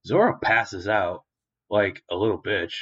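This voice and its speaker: A man's voice: lowish voice, animated, unhurried, fairly bright tone, husky. A young man hosting a podcast, casually and profanely retelling the plot of an episode in a rambling way, in a dull lo-fi recording. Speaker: podcast host.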